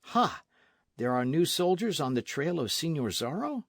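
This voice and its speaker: A foppish young caballero prattles in an airy, affected voice, as a man acts him out in an audiobook. The pitch rides high and lively over a dry, close recording. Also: normal speed, no echo. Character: foppish, vain young nobleman affecting idle talk.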